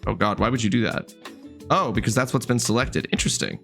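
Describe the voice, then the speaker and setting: A man's voice: mid-range voice, quick pace, creaky, a bit bright, faint music behind. A man in his thirties chatting casually on a livestream, greeting viewers by name and answering their comments.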